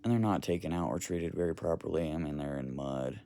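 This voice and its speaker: A man's voice: a bass voice, fairly quick, dark tone. A man talking casually to camera, earnestly retelling a story in a rambling way and swearing now and then. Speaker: vlogger.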